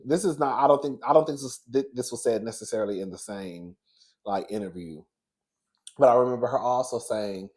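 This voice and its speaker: Man spilling celebrity gossip, chatty, calls everyone girl. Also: lowish voice. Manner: chatty, animated, calls listeners "girl" and "baby". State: out of breath. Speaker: commentary host. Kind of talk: casual gossip commentary.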